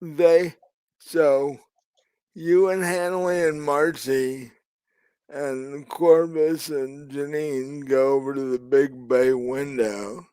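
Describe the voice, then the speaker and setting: Slow, halting man running a game. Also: fairly high pitch, fairly even intonation, dark tone, smooth, dry recording. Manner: hesitant, many ums and restarts. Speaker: game master. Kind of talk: narrating a tabletop game.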